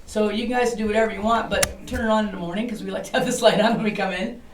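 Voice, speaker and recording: A woman's voice: medium pitch, fairly even intonation, very fast. A talkative woman leads a tour, spinning stories and cracking jokes. Her voice fills a roomy old building and sits a few steps away from the mic, over a faint background hum. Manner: chatty, jokey storyteller. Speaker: tour guide. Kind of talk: guided tour talk. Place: inside an old historic building. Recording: roomy, distant camera mic.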